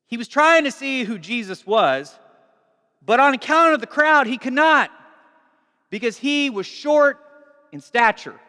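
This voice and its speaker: A man preaching a sermon in a conversational, animated way, recorded in a large church hall with long reverb. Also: very high-pitched, a little slow, long pauses. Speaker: pastor.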